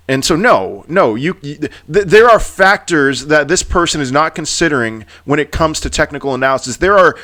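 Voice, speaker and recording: A man with a fairly high voice rants about the market in a vlog, animated and exasperated. He tends to repeat himself as he works up steam. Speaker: crypto YouTuber.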